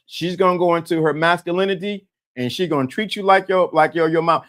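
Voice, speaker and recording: Guy hosting a live stream, kinda high voice, laughs a lot, repeats himself. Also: fairly quick, hardly any pauses. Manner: animated, laughing, repetitive. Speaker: host. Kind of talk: live-stream talk with chat.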